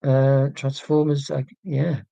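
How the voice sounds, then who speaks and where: A man's voice: medium pitch, level tone, slow, gravelly, warm tone, no room sound, dull audio. A man in his forties chatting casually on a livestream, reading viewer comments and rambling in a wry, self-mocking way with lots of ums and restarts. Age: 40s.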